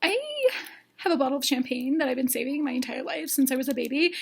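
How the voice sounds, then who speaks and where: A woman's voice: high voice, fast talker, creaky, breathy edge, heavily acted. Woman whispering as a fretful young woman. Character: fussy young woman guarding her champagne.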